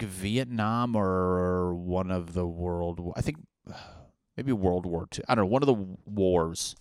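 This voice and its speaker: A young man casually riffing on a comic story, swearing freely and jumping into quick silly character voices. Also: deep voice, clear, resonant tone, no echo, clean studio sound. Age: young adult.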